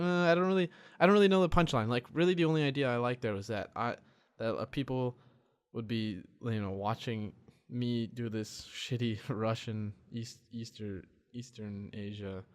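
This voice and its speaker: A young man with a medium-pitched voice hosts a solo podcast from a dark room, speaking quietly as is his habit. He rambles in a frustrated, profane way and keeps restarting his sentences.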